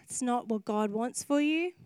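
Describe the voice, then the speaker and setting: A woman's voice: on the high side, normal speed, darkish tone, smooth, no room sound. A woman preacher giving an earnest, emotional sermon at a church service, often laughing between phrases.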